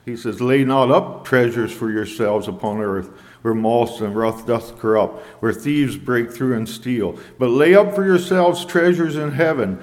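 A man preaching a sermon in a measured way, quoting scripture in old English. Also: medium pitch, darkish tone, in a large hall.

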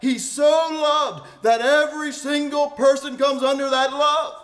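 A man preaching a sermon in an earnest, deliberate way, repeating key phrases for weight. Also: very high-pitched, fairly even intonation, a bit bright.

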